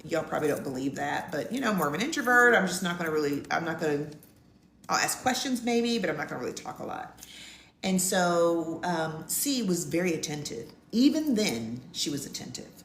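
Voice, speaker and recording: A middle-aged woman co-hosting a podcast tells a personal story in a loose, chatty, animated way, speaking fairly quickly. Her pitch swings widely, jumping high whenever she acts out what people said. The room is echoey, with a faint hum of ambience in the background.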